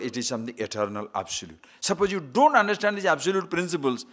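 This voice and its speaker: Male teacher of spiritual texts, lively delivery with wide pitch swings, playful and quick to laugh. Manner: playful, laughs often, rhetorical questions.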